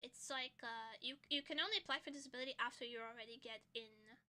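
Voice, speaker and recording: Young woman streamer, high voice, super bright and sharp, chatty and swears a lot. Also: steady tone, fast talker. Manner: chatty, informal, swears freely. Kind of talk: casual chat.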